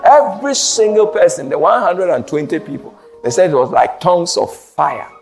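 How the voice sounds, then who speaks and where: A man preaching a sermon, mixing Twi and English, swinging from shouted peaks to low, quiet lines. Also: lively intonation, moderate pace, vocal fry, soft background music. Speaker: pastor.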